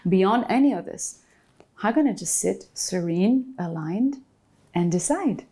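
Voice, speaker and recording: A woman's voice: medium pitch, lively intonation, measured pace, warm tone, husky. A woman, a guest in an interview, speaking thoughtfully and searching for her words. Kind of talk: reflective conversation.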